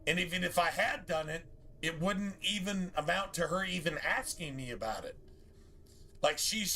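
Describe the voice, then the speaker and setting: Bright-voiced, heated man ranting on stream. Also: sits high, creaky. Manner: profane, heated, rambling. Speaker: gaming streamer. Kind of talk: casual rant to stream chat.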